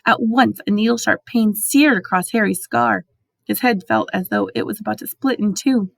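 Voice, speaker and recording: A woman reading a storybook aloud with expressive, dramatic delivery. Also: medium pitch, moderate pace, creaky, no echo. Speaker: audiobook reader.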